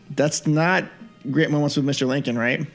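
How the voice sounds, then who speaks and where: A man's voice: fairly high pitch, fairly even intonation, normal speed, gravelly, faint music behind. A man co-hosting a podcast, chatting casually during a guessing game and thinking aloud with lots of fillers. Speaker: podcast co-host.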